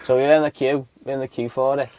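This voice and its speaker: This man from Southport, in the Liverpool area, co-hosts a podcast and tells a rowdy anecdote in casual chat. His medium-pitched voice comes rapid-fire with a clean tone and no echo, and he swears a lot while acting out the voices of the people in the story.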